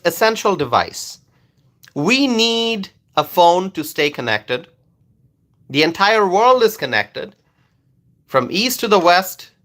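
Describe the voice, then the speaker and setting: A man's voice: fairly high pitch, a bit bright. A man doing live-stream political commentary into his phone, repeating his points emphatically and asking rhetorical questions.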